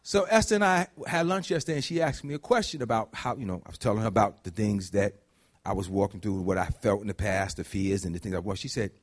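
A man preaching a conversational sermon, dropping to low murmurs and climbing to high shouts. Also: fast talker. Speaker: pastor.

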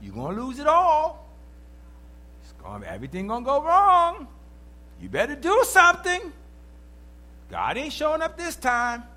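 A preacher putting on a high, taunting devil. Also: male voice, huge pitch swings, moderate pace, long pauses, pushed and bright, full character voice. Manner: mocking, alarmist. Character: taunting male devil spreading fear.

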